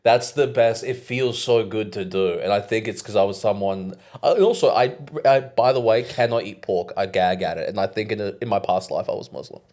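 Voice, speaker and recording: A man hosting a podcast in casual, animated, playful chat. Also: lowish voice, brisk, few pauses. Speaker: podcast host.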